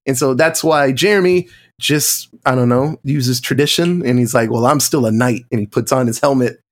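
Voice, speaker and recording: A man in casual movie-podcast chat, telling stories with lively quoted voices. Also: medium pitch, normal speed. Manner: animated storytelling, acting out quotes in shifting voices. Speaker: podcast co-host or guest.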